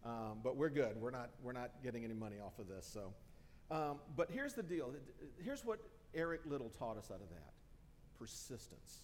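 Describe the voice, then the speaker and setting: A man's voice: medium pitch, a little mellow, a little hiss or hum. Male pastor, casual joking delivery full of fillers, reverberant sanctuary sound. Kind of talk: conversational sermon. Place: church sanctuary.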